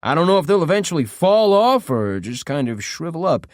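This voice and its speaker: A man doing a cruel gang leader who sneers with menacing calm, his voice swinging up and down as he taunts. Dry, close audiobook sound. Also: fairly high pitch, brisk, dry recording, voice pushed up. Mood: mocking.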